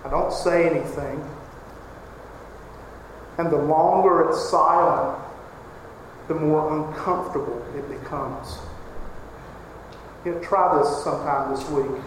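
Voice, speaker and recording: Man, pastor, sermon, emphatic preaching, high voice, long hall reverb. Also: slow, pauses often. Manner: emphatic preaching, rising to cries when quoting scripture. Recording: echoey hall reverb, faint noise.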